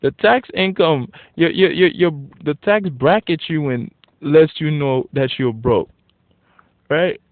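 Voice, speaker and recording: A man in a casual, profane ranting monologue, blunt and getting animated when worked up. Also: fairly high pitch, slow, dry recording. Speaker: vlogger. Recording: tinny phone-like dry audio.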